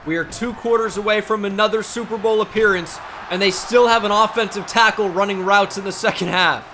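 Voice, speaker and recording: Excitable high-voiced man calling a video game. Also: fairly quick, hardly any pauses, a little hiss or hum. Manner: excitable play-by-play, shouting at big plays. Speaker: gaming YouTuber. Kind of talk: live game commentary.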